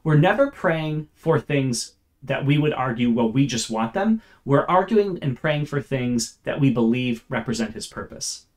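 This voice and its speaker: A man's voice: medium pitch, expressive, a little slow. Man teaching a Bible lesson. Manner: explanatory, stresses key words.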